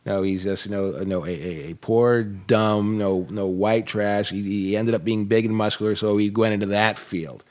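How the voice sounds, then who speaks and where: Earnest low-voiced Boston man. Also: steady tone, normal speed, few pauses, darkish tone. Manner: earnest, repetitive restarts, long explanations. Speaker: co-host and book co-writer. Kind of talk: casual chat.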